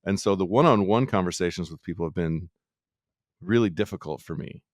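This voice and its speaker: Deep-voiced, reflective man, rambling. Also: brisk, no echo, studio quality. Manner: reflective, rambling, self-questioning. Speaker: chef. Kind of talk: candid podcast conversation.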